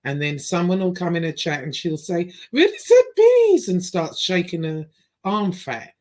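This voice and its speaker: A woman's voice: lowish voice, moderate pace. A woman hosting a reaction commentary channel, talking bluntly and rambling with fillers and restarts.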